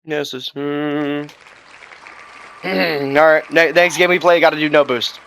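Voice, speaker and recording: A man streaming ranked gameplay, commenting live and trash-talking with sudden shouts. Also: on the high side, fairly even intonation, normal speed, gravelly, a faint crowd, a little hiss or hum.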